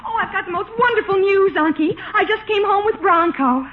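A woman's voice: very high voice, expressive, brisk. A woman playing a breathless, doting young newlywed niece, in 1940s radio acting style. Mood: gushing. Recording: tinny old radio recording.

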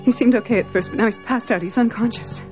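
A woman's voice: on the high side, quick pace, faint music behind, close to an everyday voice. An actress playing a worried mother, anxious and urgent as she tends to her hurt son. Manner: anxious, urgent, soft-spoken. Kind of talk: film drama acting. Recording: dull muffled film audio.

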